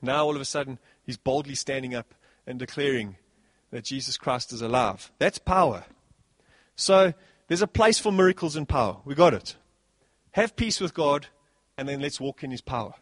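A man preaching a sermon as pastor, animated, swinging between soft passages and loud bursts. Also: mid-range voice, normal speed, dry recording.

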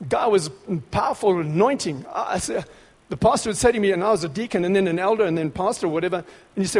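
A man preaching a sermon, exhorting in short emphatic repeated phrases that grow louder and more excited. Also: high voice, quick pace, few pauses, breathy edge, big-room sound.

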